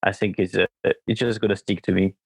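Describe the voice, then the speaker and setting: A man's voice: low-pitched, flat delivery, a little fast, creaky, slightly rough, no room sound. A man in his thirties from the south of France with a French accent, a podcast guest talking hesitantly with many fillers. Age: 30s. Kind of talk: casual podcast interview.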